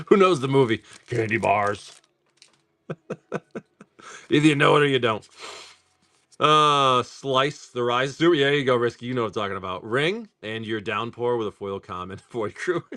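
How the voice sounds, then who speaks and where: A man's voice: medium pitch, moderate pace, sharp tone, no room sound, clean studio sound. A man hosting a live card-opening stream, chatting casually and profanely while he calls out pulls and jokes about comedy films. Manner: loose and profane, laughing, quoting comedy films.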